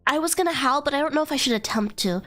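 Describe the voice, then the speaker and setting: A woman streamer, hoarse from being sick, chatting casually and giggling, squealing greetings to her viewers from her bedroom. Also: sits high, lively intonation, racing, fairly bright tone, faint music behind. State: hoarse from illness. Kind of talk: casual live-stream chat.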